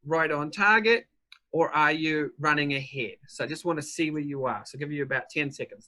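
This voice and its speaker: An upbeat man with a New Zealand accent runs a live online lesson, talking chattily to his viewers. His voice sits a little high and comes across bright and forceful. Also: a little fast. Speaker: webinar host and business coach. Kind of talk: live webinar teaching.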